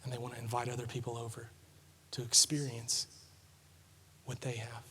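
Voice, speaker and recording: A man preaching a sermon, telling a family story with lively swings between quiet asides and loud, excited moments. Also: mid-range voice, moderate pace, a little hiss or hum. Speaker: pastor. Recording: long hall reverb.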